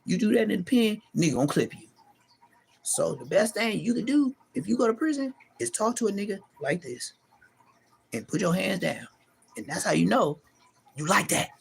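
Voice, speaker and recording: A middle-aged man delivering a profane, taunting callout rant to the camera, animated and mocking. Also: gravelly, breathy edge. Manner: animated, profane, taunting, pitch leaping high in mocking bursts. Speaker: street vlogger.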